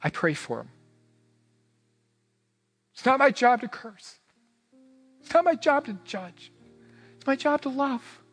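A man preaches from the pulpit with a high voice that leaps and plunges. He hammers his points with repeated phrases, then drops to a near hush. Long reverb from the hall surrounds him, with faint instrumental music underneath. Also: big pitch swings, takes it slowly, pauses often. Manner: emphatic preaching, swinging between fervent and hushed. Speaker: pastor. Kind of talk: sermon. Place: church sanctuary.

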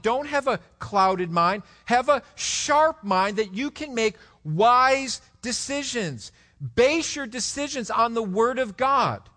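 A middle-aged man preaching a sermon, moving between loud emphatic exhortation and low, quick storytelling. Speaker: pastor.

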